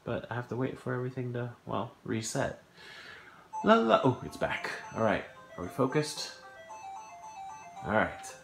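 A man giving casual let's-play commentary at home, thinking aloud and getting puzzled and excited over a game. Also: medium pitch, normal speed, creaky. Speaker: gameplay commentator. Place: home living room, on a sofa. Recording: echoey room with game music behind.

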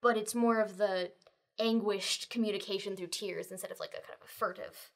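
A woman's voice: medium pitch, fairly even intonation, a little fast. A woman running a tabletop role-playing game as game master, casual and a little hesitant, laughing often.

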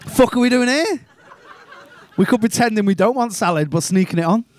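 A Liverpool man in his twenties doing a stand-up set, swearing freely and mocking people with quick put-on voices. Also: high-pitched, lively intonation, a little hiss or hum. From England. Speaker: stand-up comedian. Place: comedy club stage.

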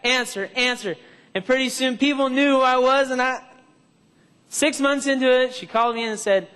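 High-voiced male preacher in a reverberant hall. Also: normal speed, a bit bright, smooth. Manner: preaches with testimony and calls for amens from the congregation. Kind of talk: sermon.

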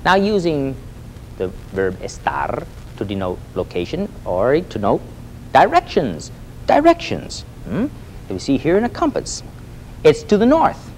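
A man teaching a lively Spanish lesson, repeating phrases for students to echo and coaxing them with a questioning "Hmm?". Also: medium pitch, measured pace, a little hiss or hum. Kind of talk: lively spoken language lesson.

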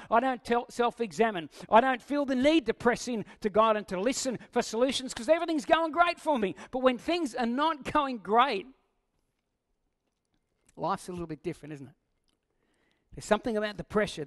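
A man preaching a sermon in a conversational way, asking the listeners questions and acting out quoted lines. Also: sits high. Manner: acts out quoted lines in a raised voice. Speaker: pastor.

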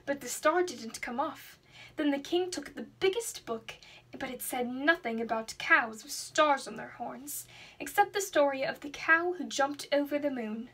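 A young woman reading a children's storybook aloud in an expressive, dramatic way. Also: sits high, a little slow. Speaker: student reader.

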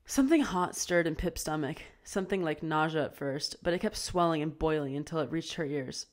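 Casting note: woman narrator, low voice, steady amateur audiobook reading. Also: fairly quick. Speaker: audiobook reader.

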